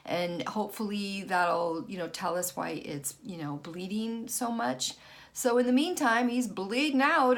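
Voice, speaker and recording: A middle-aged woman vlogging casually, frazzled and frustrated, stopping and restarting her sentences. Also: medium pitch. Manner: frazzled, halting, many restarts. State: worn out and frustrated. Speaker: vlogger and author. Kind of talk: casual personal vlog.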